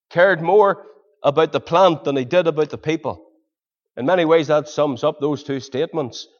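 A man preaching a sermon, pleading with his listeners through earnest rhetorical questions. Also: fairly high pitch. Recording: dull lo-fi sermon recording.

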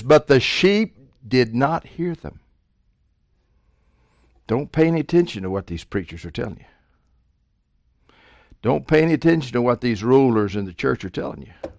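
A man preaching a sermon, swinging from quiet asides to loud, emphatic quotations of scripture. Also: mid-range voice, lively intonation, a little slow, creaky, long pauses, dry recording, studio quality.

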